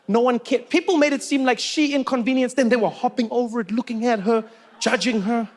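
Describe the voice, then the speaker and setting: A South African man with a very high-pitched voice and a brisk pace performs stand-up comedy in his native accent, telling animated stories and talking directly to the crowd.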